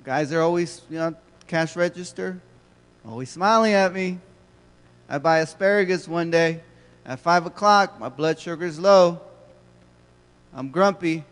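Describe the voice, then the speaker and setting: A man's voice: a little high, a little slow, long pauses, fairly bright tone, clear, resonant tone. Storytelling keynote man in echoing hall. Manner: storytelling, conversational, asks the audience questions. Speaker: keynote speaker. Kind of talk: motivational keynote talk. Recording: long hall reverb.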